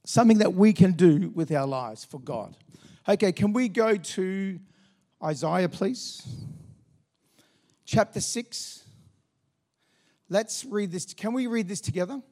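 A man's voice: sits high, animated, slow, long pauses, mellow. A man preaching a sermon in a church, fervent and interactive, coaxing the congregation along. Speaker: pastor. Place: church sanctuary.

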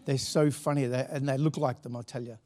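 A man's voice: mid-range voice, steady tone, brisk, mellow. A middle-aged man, a pastor telling a story from the pulpit in a chatty, laughing way with many restarts. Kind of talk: sermon anecdote.

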